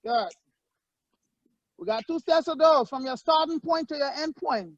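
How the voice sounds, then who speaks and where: Guy coaching a workout, really high voice, pumps ppl up w/ quick commands, dull dry audio. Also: dry recording. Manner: energetic, barks short encouraging commands. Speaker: fitness coach. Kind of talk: leading a workout session. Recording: muffled lo-fi, dry recording.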